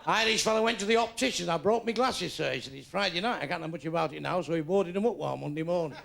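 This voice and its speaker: This stand-up comedian is an older man with a high, gravelly, fairly bright voice who talks fast. Performing crude material for a comedy club audience, he acts out voices and hits blunt punchlines. A faint crowd and a little hiss or hum can be heard.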